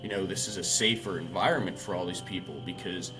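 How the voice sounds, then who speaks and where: A man's voice: sits low, quick pace, over music, rough recording. A man giving an earnest, reflective interview answer.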